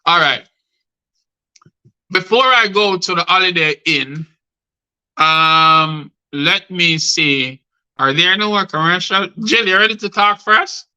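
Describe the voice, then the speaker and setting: A man's voice: high-pitched, takes it slowly, bright, forceful tone, clean tone, muffled recording. A middle-aged man, hosting a live show and reciting rhyming spoken-word poetry, calling his guests by name. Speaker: host and poet.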